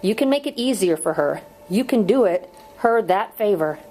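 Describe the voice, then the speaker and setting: A woman's voice: mid-range voice, animated, moderate pace, warm tone, a little hiss or hum, close to an everyday voice, low-quality recording. A woman voicing an earnest young male schoolteacher in an audiobook reading, pleading with strained patience.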